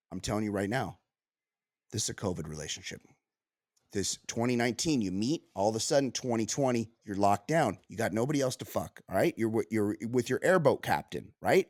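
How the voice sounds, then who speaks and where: A man co-hosting a podcast, reading news aloud and riffing on it in casual comedic banter, full of restarts and quick asides. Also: medium pitch, no room sound, studio quality. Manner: animated, riffing, reads news aloud then jokes; frequent restarts and filler yeahs. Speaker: podcast co-host.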